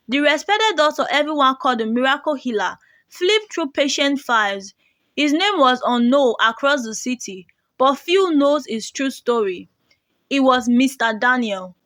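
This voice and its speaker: High-voiced woman telling a folktale. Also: fairly bright tone, dry recording. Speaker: storyteller. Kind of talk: folktale narration.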